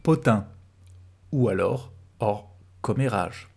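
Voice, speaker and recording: Male co-host, French accent, gravelly and creaky, playful and teasing, casual podcast banter. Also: lowish voice, expressive, moderate pace, darkish tone. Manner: teasing, jokey, drops into French words. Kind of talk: casual chat.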